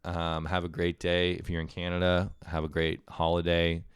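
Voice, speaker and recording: A man's voice: low-pitched, monotone, normal speed, clean tone, dry recording, clean studio sound. A man hosting his own show, telling a rambling, profane, self-mocking story in a casual way, with a sore throat. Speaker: podcast host. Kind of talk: casual comedic storytelling monologue.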